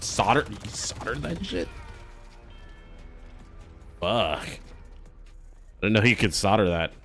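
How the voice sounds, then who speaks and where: A man hosting a live game stream in casual chat, swearing, joking and breaking into loud excited laughter. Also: lowish voice, takes it slowly, faint music behind. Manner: profane, jokey, bursts into loud excited laughter. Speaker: streamer host.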